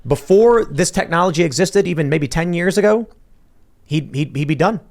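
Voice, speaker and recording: A man's voice: fairly high pitch, normal speed, vocal fry. A man co-hosting a political podcast, talking casually and animatedly. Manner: animated, mimics people in mock quotes. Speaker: podcast co-host.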